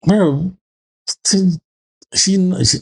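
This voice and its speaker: A man's voice: sits high, extremely slow, gravelly, darkish tone, breathy edge. A man co-hosting a casual podcast, rambling through family anecdotes and acting out his little daughter's lines. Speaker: podcast co-host. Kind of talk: casual chat.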